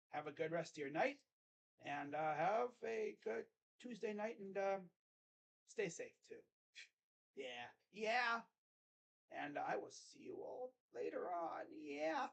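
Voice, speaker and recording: A man hosting a live sports reaction stream, chatty and excitable, talking straight to his viewers. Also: high-pitched, creaky.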